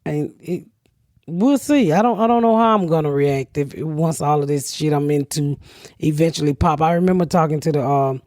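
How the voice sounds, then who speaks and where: A woman's voice: sits low, normal speed, darkish tone, dry recording. Brief: middle-aged woman, podcast host, brash and profane, laughs through stories, dry studio sound. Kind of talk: casual podcast chat.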